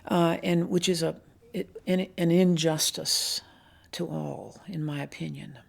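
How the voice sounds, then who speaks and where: An older woman, a retired police commander, recounting her years on the force in a measured, reflective interview. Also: sits low, fairly even intonation, gravelly. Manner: measured, reflective storytelling with pauses. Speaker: retired police assistant chief.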